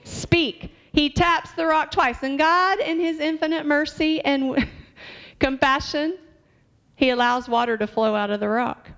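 A woman's voice: high voice, unhurried, a bit bright. A woman preaching a sermon in a church, talking conversationally and asking the congregation questions.

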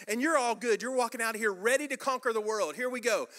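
High, bright-voiced male preacher. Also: expressive, a little fast, hardly any pauses. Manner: emphatic, rhetorical, repeats phrases for effect. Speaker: pastor. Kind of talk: sermon.

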